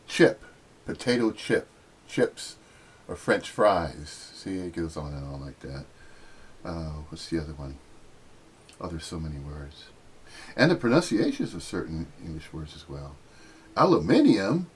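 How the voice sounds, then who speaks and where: Lively American man with a husky voice. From United States. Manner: rambling and teasing, with sudden high-pitched emphasis. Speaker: spiritual talk host. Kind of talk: casual spiritual monologue.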